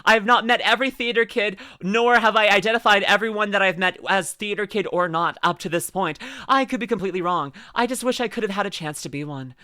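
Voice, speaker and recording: A man with a Canadian accent giving casual, rambling reaction commentary as a streamer, quick to laugh and exclaim. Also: high-pitched, bright, forceful tone, clear, resonant tone.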